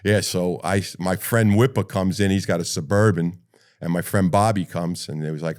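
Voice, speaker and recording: An older man with a New York accent telling a rough, profane story as a retired firefighter in an interview. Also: low voice, normal speed. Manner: blunt, profane, lively retelling.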